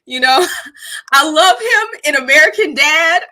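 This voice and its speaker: A woman talks straight to her live-stream chat in a high, bright voice. She swears freely and hammers her points with emphasis. She breaks into laughter often between her points. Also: lively intonation, measured pace. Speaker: streamer and channel host. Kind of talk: casual live-stream commentary.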